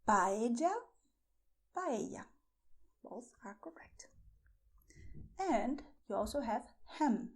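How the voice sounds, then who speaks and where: A woman teaching beginners to pronounce words, repeating each one slowly and carefully. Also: on the high side, lively intonation, warm tone, husky. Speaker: Spanish teacher. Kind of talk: slow pronunciation lesson for beginners.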